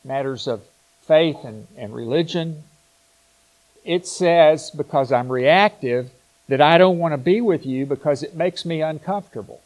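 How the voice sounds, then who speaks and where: A man preaching a sermon in a slow, reflective way, pausing and restarting his phrases as he thinks aloud. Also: fairly high pitch, a little mellow, low-quality recording.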